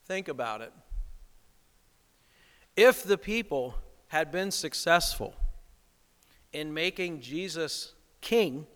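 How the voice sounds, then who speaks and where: Male pastor, sermon delivery, unhurried and emphatic, bright tone, big hall echo. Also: fairly high pitch, expressive, smooth. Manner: rhetorical questions, emphatic preaching.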